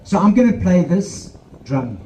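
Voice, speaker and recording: A man's voice: high-pitched, very animated, unhurried, warm tone, reverberant, a little hiss or hum, low-quality recording. A man with a South African accent giving an earnest motivational talk through a handheld microphone, slipping in Afrikaans phrases. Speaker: motivational speaker. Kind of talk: motivational talk at an outdoor event.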